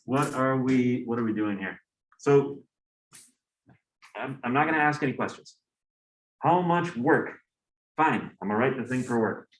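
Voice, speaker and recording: Male professor at mid pitch, candid and wry, lecturing in a reverberant classroom. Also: a little slow, long pauses. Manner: candid, exasperated asides, joking. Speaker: physics professor. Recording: roomy classroom echo.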